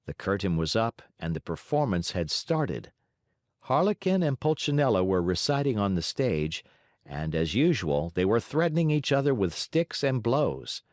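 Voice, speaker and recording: A man narrating a classic children's story as an audiobook, in an expressive, varied delivery. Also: fairly low pitch, no room sound, clean studio sound.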